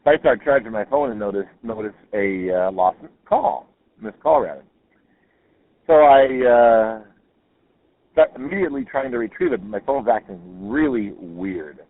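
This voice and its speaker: A man's voice: fairly low pitch, animated, normal speed, no room sound. Rambling man's ghost story over a phone line. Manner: rambling, with frequent fillers and self-corrections. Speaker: listener sharing a story. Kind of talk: casual spoken ghost story. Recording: tinny phone-line audio.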